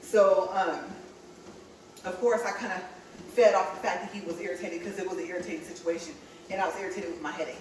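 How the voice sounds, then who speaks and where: A woman's voice: on the low side, fairly even intonation, quick pace, darkish tone, a little hiss or hum. A woman from California, chatting to viewers and laughing often as she tells a story while walking on a treadmill. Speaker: vlogger. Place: indoor room with a treadmill. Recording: echoey room, mic set far off.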